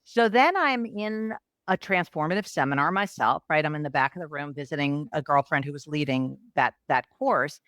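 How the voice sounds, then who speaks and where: Middle-aged woman, coach guest, animated storyteller, lower voice, dry close sound. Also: normal speed, dry recording. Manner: animated, acts out quotes with raised pitch. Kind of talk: storytelling in a podcast interview.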